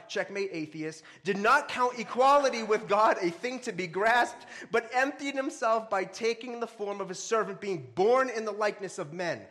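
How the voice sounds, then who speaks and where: A man preaching a sermon, reading scripture aloud and breaking into casual jokes and sudden loud, rising exhortations. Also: high-pitched, animated, normal speed, few pauses. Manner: reads scripture aloud between asides. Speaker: pastor.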